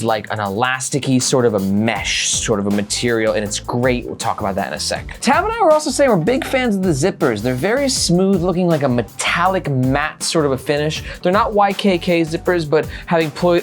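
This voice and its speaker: A man hosting a casual gear review vlog, joking and swearing casually as he talks. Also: fairly high pitch. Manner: jokey, animated, swears casually.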